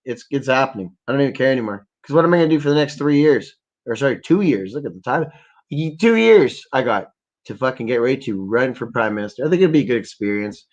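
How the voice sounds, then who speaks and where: A man hosting a livestream, ranting in an angry, profanity-heavy ramble that wanders between topics. His voice sits at a middling pitch, and the audio is slightly dull and lo-fi. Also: lively intonation, quick pace. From Ontario, Canada. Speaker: livestream host.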